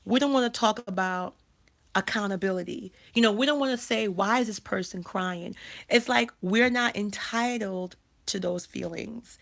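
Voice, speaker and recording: A woman's voice: medium pitch, normal speed, creaky, a bit bright. A woman in her thirties hosting a casual livestream, talking emphatically and repeating phrases with frequent restarts. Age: 30s. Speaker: life coach and channel host.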